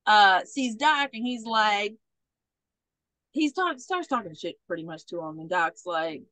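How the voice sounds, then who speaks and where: A woman hosting a podcast, recapping a movie in a casual, animated and profane way. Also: mid-range voice, a little slow, no echo. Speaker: podcast host.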